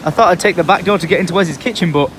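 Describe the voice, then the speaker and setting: A young man from England, telling a story in a casual vlog, animated and swearing freely. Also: high voice, racing, slight background noise. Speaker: vlogger.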